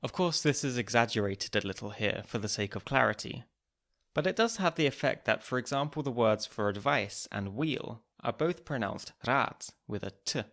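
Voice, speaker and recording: A male host narrates a scripted podcast segment. His delivery is clear and measured, at a middle pitch, in the manner of an explainer. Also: lively intonation, fairly bright tone.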